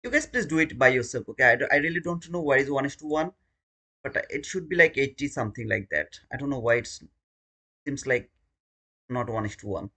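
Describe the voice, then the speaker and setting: A man's voice: mid-range voice, expressive, brisk, sharp tone. A man streaming his day trading live, talking through the chart and alternately pleading with the market and scolding himself.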